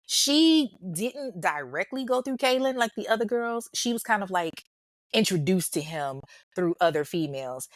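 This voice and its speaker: A woman's voice: medium pitch, animated, moderate pace, no echo, clean studio sound. A woman hosting a true-crime show, telling the story in casual commentary with blunt, profane asides.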